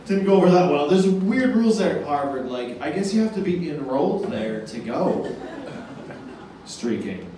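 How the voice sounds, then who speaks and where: A young man doing a stand-up set, delivering deadpan one-liners with long pauses into a handheld mic on a comedy club stage. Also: fairly high pitch, far from the mic, background noise. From Boston area. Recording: echoey club from afar.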